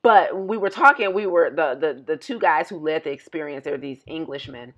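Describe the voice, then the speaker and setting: A woman's voice: low-pitched, expressive, fairly quick. A woman co-hosting a podcast in casual chat, telling stories and laughing often. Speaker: podcast co-host.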